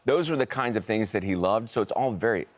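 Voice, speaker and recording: Low-voiced American actor telling stories. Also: male voice, a little fast. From United States. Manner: rambling, animated anecdotes with laughs. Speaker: actor guest. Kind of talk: conversational interview storytelling.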